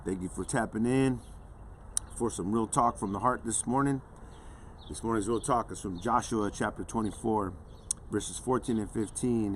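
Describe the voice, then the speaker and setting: A man's voice: on the low side, slight background noise. A man giving an earnest, conversational devotional sermon as a pastor, often dropping "man" and "right" into his talk.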